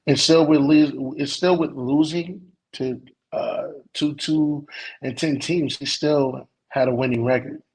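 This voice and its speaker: A man with a husky, somewhat raspy voice chimes in on a casual sports chat. He keeps it laid-back, dropping brief, wry remarks. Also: a little high, fairly even intonation, measured pace, a little mellow, poor audio.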